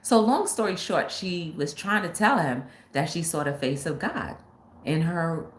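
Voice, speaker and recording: A woman's voice: low voice, unhurried. A woman talk show host casually retelling a film story, acting out the scenes as she goes. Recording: echoey room with faint noise.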